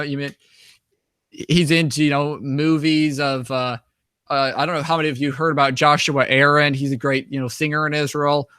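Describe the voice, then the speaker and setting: Young male guest, bright slightly high voice, rambling casual storyteller. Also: no echo, clean studio sound. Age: young adult. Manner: rambling, many restarts and "you know". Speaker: guest, author and traveler. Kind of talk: casual storytelling over slides.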